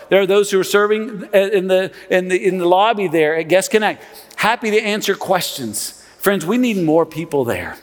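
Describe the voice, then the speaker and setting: A middle-aged male pastor preaching in a big church, his voice a touch higher than most men's. He talks to the congregation casually, with dry sarcastic asides and stumbling restarts. His words ring out with a long hall reverb. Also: moderate pace. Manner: conversational and animated, with sarcastic asides and frequent restarts. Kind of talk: sermon. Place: large church sanctuary.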